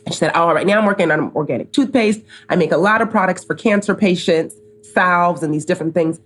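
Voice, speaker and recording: A woman's voice: mid-range voice, fast. A middle-aged American woman, a company co-founder, telling a long story as a podcast guest and acting out the dialogue. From United States. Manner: animated storyteller, acts out quoted dialogue. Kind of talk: storytelling in a casual interview.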